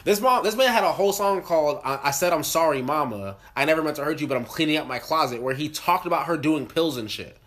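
A young man riffing fast in a casual podcast chat, with a fairly high voice. He is animated and profane, and keeps acting out voices as he tells his stories. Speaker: podcast co-host.

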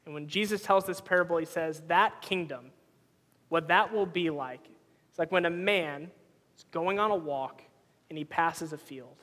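A man's voice: fairly high pitch, moderate pace, a bit bright, long reverb tail. A man in his thirties preaching a sermon as a pastor, conversational and telling personal stories. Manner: conversational, storytelling with personal anecdotes.

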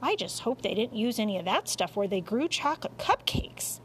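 A woman narrating a children's storybook aloud in an expressive reading with dramatic pauses. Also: medium pitch, a little hiss or hum. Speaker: audiobook reader.

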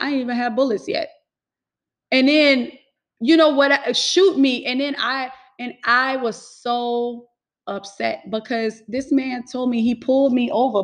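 A woman telling a personal story in casual talk, emphatic and swearing freely. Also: a little high.

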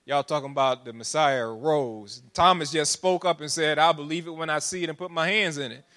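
A male pastor delivers a sermon in a high, bright voice. He asks the congregation questions and builds to pleading emphasis. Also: fairly quick. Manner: preaching with rising, pleading intensity and call-and-response asides.

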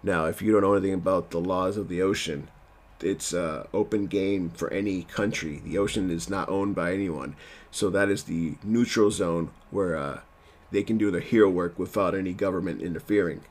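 A man's voice: sits low, normal speed. A man casually recapping a TV episode at home, rambling and self-deprecating, with lots of fillers.

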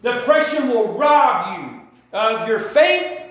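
A man's voice: very high voice, expressive, measured pace, fairly bright tone, roomy sound. A man preaching a sermon with emphatic repetition and calls to the congregation. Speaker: pastor. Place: church sanctuary.

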